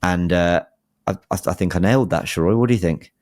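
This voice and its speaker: A man's voice: low voice, fast, a little mellow, no room sound, studio quality. A man co-hosting a football podcast, chatting in an upbeat, casual way with frequent restarts. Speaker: podcast co-host.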